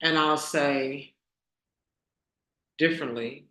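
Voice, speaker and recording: A woman hosting a casual motivational talk for her online community, asking rhetorical questions and repeating key lines slowly for emphasis. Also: low voice, bright, forceful tone, roomy sound. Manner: conversational, asks the audience rhetorical questions. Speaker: host.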